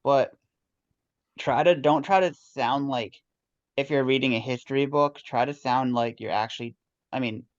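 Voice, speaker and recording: A man's voice: mid-range voice, normal speed, no room sound. A man directing a rehearsal, giving notes to actors in a rambling way with many restarts. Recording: dull dry lo-fi sound.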